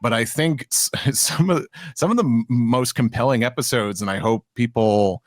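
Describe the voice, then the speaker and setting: A man's voice: mid-range voice, normal speed, no echo, studio quality. A man, a podcast co-host, talking casually and loosely, with lots of restarts and fillers. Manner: chatty, many restarts and "you know" fillers. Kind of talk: casual chat.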